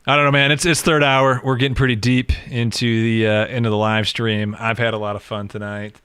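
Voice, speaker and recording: Bright-voiced rambling man. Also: medium pitch, level tone, clear, resonant tone, no room sound. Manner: rambling, halting with many restarts. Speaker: live stream co-host. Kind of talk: casual live stream chat.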